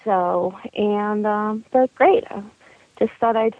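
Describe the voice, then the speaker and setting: A woman who calls a radio show regularly chats in a friendly, halting way. Her mid-pitched voice comes through a dry, tinny phone line. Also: dry recording. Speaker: regular caller.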